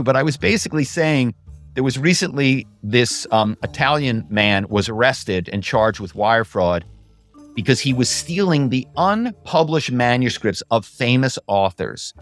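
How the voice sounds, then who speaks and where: A man talking casually as a guest in an interview, telling stories in an animated way and often adding "you know" and "right". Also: mid-range voice. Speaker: guest, former actor and social engineer.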